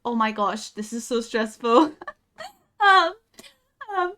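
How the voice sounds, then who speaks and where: Young woman gamer for a casual stream: high, bright, excitable and giggly. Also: takes it slowly, slight background noise. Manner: excitable, giggly, yelps when startled. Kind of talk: casual gameplay chat.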